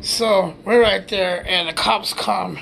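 A man's voice: high voice, fairly even intonation, slow pace, vocal fry, a bit bright, slight background noise. A man from the United States telling a rambling, profane story in a casual way, laughing as he goes.

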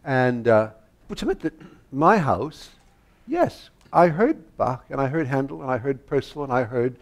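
An older man from the United States spins stories on a public stage with a mid-range voice. He talks in an animated way, laughs often and keeps tripping over his own restarts. Each answer sounds like a guest warming up before an audience. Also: mid-range voice, measured pace, gravelly. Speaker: guest conductor and harpsichordist. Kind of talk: anecdotal stage conversation.

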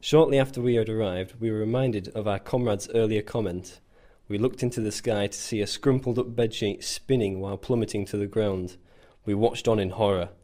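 A man with a fairly low voice reads his own story aloud. His delivery is dry and wry, with a self-mocking edge. It is paced like a scripted narration. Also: fairly even intonation, fairly quick, few pauses, mellow. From England. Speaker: volunteer soldier. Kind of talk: scripted first-person narration.

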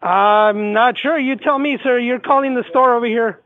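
A man's voice: extremely high pitch, moderate pace, no room sound. A man working as a store clerk, answering a phone call politely and sounding puzzled. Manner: polite, puzzled, nervous laughs. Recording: tinny phone line.

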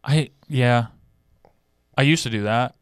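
A man's voice: medium pitch, slow pace, clean tone, dry recording, studio quality. A man co-hosting a podcast, joking around and swearing freely in casual banter. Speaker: podcast co-host.

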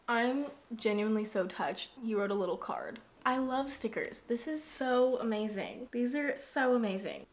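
Young woman gushing over an unboxing, kinda high voice, says like a lot. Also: normal speed, few pauses, slight background noise. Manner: gushing, excitable, lots of "like". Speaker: vlogger. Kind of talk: casual unboxing chat.

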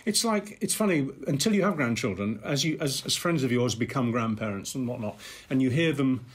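An older man tells family stories as a podcast guest, his husky voice swooping up and down as he goes. He talks fast, stumbles over restarts and slips into acted-out voices. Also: mid-range voice. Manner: animated, halting restarts, acts out voices. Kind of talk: anecdotal storytelling.

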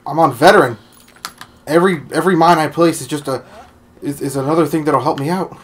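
A man's voice: fairly high pitch, brisk, a little hiss or hum. A man co-hosting a game playthrough in casual, joking banter, laughing often. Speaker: gameplay co-host.

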